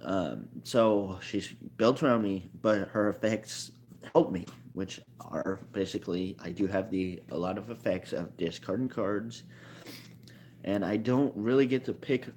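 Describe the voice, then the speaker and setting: A man's voice: fairly low pitch, measured pace, darkish tone, a little hiss or hum. A man talking casually about a card game in a rambling monologue, often correcting himself as he thinks aloud. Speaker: card game video maker.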